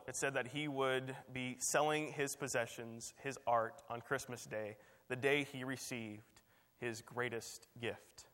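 Flat-toned preacher with long echo. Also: male voice, mid-range voice. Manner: storytelling with frequent restarts. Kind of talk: sermon storytelling. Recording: long reverb.

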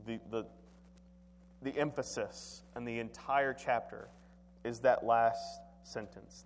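Male preacher, sermon, earnest, deliberate, restarts his phrases, mid-pitched voice, long echoing hall. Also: fairly even intonation. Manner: earnest, deliberate, with halting repetitions. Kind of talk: sermon with scripture reading.

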